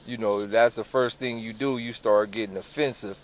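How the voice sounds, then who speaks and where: A man telling a personal story casually and profanely, swinging between loud bursts and hushed lines, acting out the voices in his anecdotes. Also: fairly low pitch, steady tone, moderate pace, few pauses, dull audio. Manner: profane, repeats "on God"; acts out voices in quoted dialogue.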